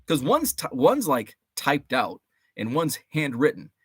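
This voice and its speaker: Lively, rambling man hosting a chat stream. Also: a little high, unhurried, breathy edge, dry recording, studio quality. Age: around 40. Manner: rambling and reminiscing, greets chat viewers by name, mild swearing. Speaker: host. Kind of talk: casual livestream chat.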